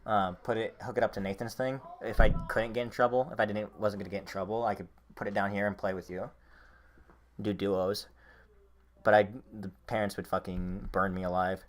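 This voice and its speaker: A young man co-hosts a casual podcast, rambling, swearing and using lots of filler words while he has the hiccups. His voice is fairly low and flat, and he talks fairly quickly.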